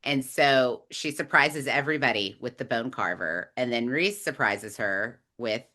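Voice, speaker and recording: A woman co-hosting a podcast, recapping a book in animated, chatty storytelling. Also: rumbling low, unhurried. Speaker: podcast co-host. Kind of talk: casual book discussion chat.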